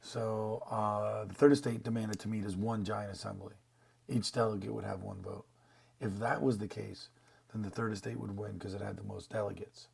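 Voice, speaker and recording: Laid-back history teacher with a husky, gravelly voice and a joking manner; male. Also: fairly low pitch, fairly even intonation, normal speed, a little mellow. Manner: casual and joking, with slang asides. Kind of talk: classroom lecture over slides.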